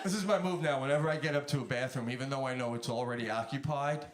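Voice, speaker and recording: A man's voice: mid-range voice, fast talker, over a noisy crowd. A man doing a stand-up comedy routine, telling stories with animation and acting out the people he quotes. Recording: roomy sound under loud game noise.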